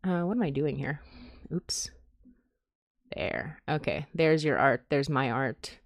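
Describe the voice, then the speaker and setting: A woman's voice: low-pitched, slow pace, no echo, studio quality. A young woman hosting a fundraising stream in casual, giggly, rambling chat. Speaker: podcast host on a fundraising stream.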